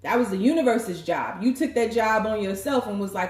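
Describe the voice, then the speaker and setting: Animated woman giving a tarot reading. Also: mid-range voice, brisk, hardly any pauses. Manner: animated, preachy, joking, profane. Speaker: tarot reader. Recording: roomy echo.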